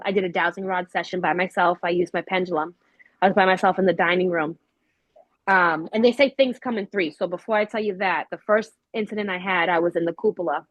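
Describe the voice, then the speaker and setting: Woman, casual storyteller with lots of ums, lively quoted voices, dry recording. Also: on the low side, no echo, low-quality recording. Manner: animated, acts out quoted voices with many fillers. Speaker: paranormal investigator.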